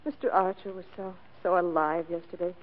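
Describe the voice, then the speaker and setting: A woman's voice: fairly low pitch, steady tone, fairly quick, close to an everyday voice. An actress playing a scheming young woman who pleads dramatically for help in a vintage radio drama. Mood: pleading. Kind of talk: 1940s radio acting. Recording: tinny old radio broadcast recording.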